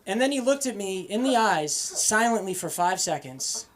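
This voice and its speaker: A young man from Boston doing an open-mic stand-up set, animated and profane, swinging between loud punchlines and muttered asides. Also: sits high, moderate pace. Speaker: stand-up comedian. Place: comedy club stage.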